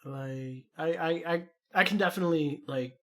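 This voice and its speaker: With a slightly high voice at a moderate pace, a young man with a Chicago accent co-hosts a podcast. His casual storytelling is rambling, animated, and full of profanity.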